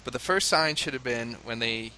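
An animated man from the United States tells a story with a bright, forceful voice. He laughs often and mimics crowd chants. A faint hiss sits under the recording. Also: mid-range voice, normal speed. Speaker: father telling a story. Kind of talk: casual conversation, anecdote.

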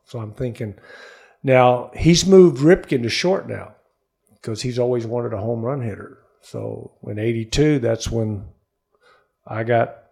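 A man's voice: medium pitch, a little slow, vocal fry. A man, a guest in a studio interview, telling a long personal story and acting out the voices of the people in it. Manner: animated storyteller who acts out quoted voices.

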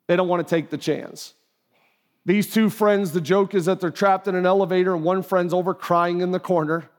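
High-pitched guy preaching to his church, chatty and animated, big echoey hall. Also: moderate pace. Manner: conversational, animated, acts out quoted voices. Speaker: pastor. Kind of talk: sermon. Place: church auditorium. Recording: live hall with long reverb.

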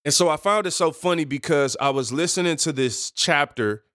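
A man's voice: on the high side, moderate pace, fairly bright tone, no room sound, clean studio sound. A man hosting his own podcast, talking casually on his own, rambling and correcting himself with playful asides. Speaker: podcast host. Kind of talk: casual solo podcast talk.

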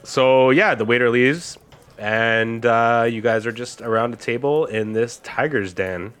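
A man's voice: medium pitch, a little slow, a bit bright, clean tone. A man narrating as game master in a casual, rambling way with many fillers.

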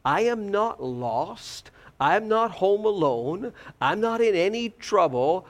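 A man voicing a self-assured twelve-year-old boy who calmly insists to his parents that he is where he belongs. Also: high-pitched, slow, voice pushed up, full character voice. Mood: puzzled. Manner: matter-of-fact, insistent.

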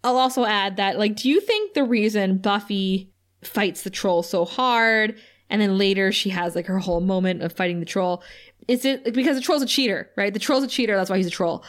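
A woman's voice: medium pitch, a little fast. A woman co-hosting a casual podcast, recapping an episode while laughing often and swearing in exasperation. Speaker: podcast co-host.

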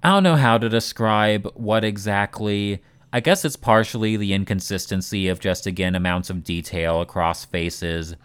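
A man's voice: lowish voice, normal speed, few pauses, smooth, dry recording. A man co-hosting a podcast in casual chat, blunt and critical, swearing freely and wandering into asides. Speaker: podcast co-host.

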